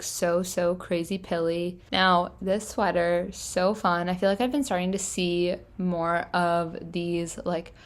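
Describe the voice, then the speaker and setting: A young woman casually narrating her thrift-shopping trip, chatty and enthusiastic, with plenty of filler words. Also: lowish voice. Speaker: fashion vlogger. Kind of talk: casual thrift-haul voice-over.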